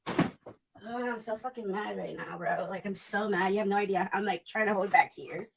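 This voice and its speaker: A woman's voice: medium pitch, steady tone, moderate pace, creaky, background noise. A woman on a clipped livestream, ranting in a blunt, heated way, swearing often and repeating herself. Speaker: vlogger.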